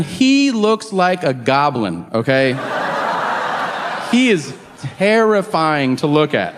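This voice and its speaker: A man doing profane, animated stand-up comedy, acting out quotes as he tells his stories. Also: fairly high pitch, slow pace.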